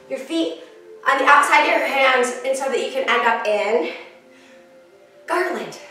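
A woman's voice: sits high, a bit bright. A woman teaching a yoga class, giving encouraging, chatty cues with playful asides to herself. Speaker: yoga instructor. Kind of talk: guided yoga class instruction. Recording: echoey room, from a distance, with music.

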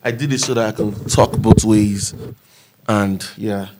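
A man's voice: lowish voice, steady tone, a little slow, heavy background noise. A man from Nigeria, teasing his wife in casual banter on a couple's vlog. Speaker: vlog co-host. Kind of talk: casual chat.

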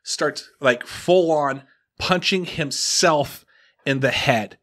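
A man's voice: a little high, takes it slowly, fairly bright tone. A man, around his thirties, hosting a podcast in casual chat, telling a story with many restarts and acted-out quotes. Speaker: podcast host.

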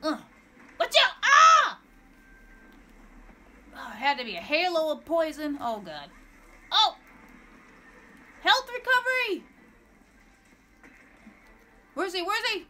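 Female streamer, high bright voice, unhurried but animated, faint background hiss. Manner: excitable, exclaiming and repeating words. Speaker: gameplay streamer. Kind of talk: live gameplay commentary.

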